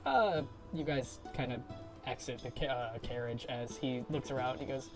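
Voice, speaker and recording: A woman narrating a tabletop game as game master, laughing often and breaking into loud character voices. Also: very deep voice, normal speed, music in the background.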